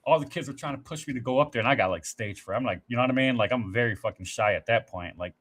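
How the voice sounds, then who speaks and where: A man's voice: mid-range voice, quick pace, fairly bright tone. A man in casual podcast chat, telling rambling, profanity-laced stories with acted-out quotes. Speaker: podcast host.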